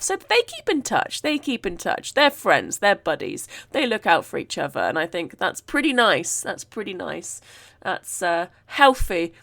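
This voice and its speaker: A woman's voice: lowish voice, vocal fry, a bit bright. A woman podcast host retelling myths in a chatty, jokey way with many fillers. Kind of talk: casual storytelling of myths.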